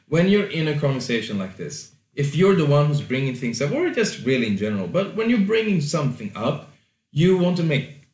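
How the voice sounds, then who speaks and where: A man's voice: fairly low pitch, a little mellow, roomy sound. A man talking loosely as a podcast host, giving advice with fillers, restarts and the odd swear word. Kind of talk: casual advice monologue.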